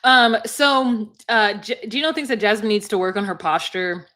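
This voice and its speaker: A woman's voice: mid-range voice, normal speed, sharp tone. A woman co-hosting a casual recap podcast, wry and sceptical as she sums up episodes. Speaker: podcast co-host.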